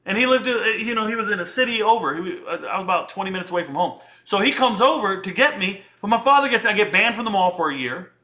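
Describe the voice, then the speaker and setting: A man in his thirties giving casual, slangy commentary and telling a story in an animated, conversational way. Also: high-pitched, quick pace, few pauses.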